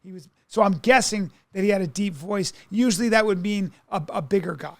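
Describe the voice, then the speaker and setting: A man's voice: high-pitched, brisk, no echo, clean studio sound. A man from New York co-hosting a podcast, telling a long story in a rambling way, full of restarts and acted-out quotes. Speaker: podcast co-host. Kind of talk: casual comedic chat.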